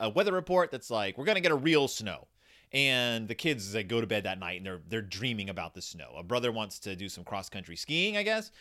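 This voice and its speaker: A chatty man hosts a casual book review. His pitch rises and falls a great deal as he rambles along, with plenty of fillers and restarts. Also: a bit bright. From United States (Texas). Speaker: podcast host reviewing children's books.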